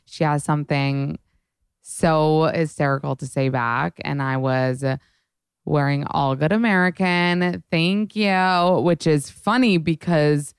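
A young woman hosting a podcast, chatting casually and excitedly, with lots of swearing and filler words. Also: sits low, clear, resonant tone, no room sound, studio quality. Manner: gushing and fast, heavy swearing and "like". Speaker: podcast host. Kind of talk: casual chat.

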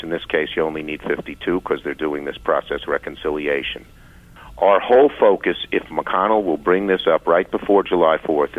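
A man speaking as a politician, firm and measured, played from an archive clip. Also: low-pitched. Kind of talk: political statement. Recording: phone-like archive clip, dry.

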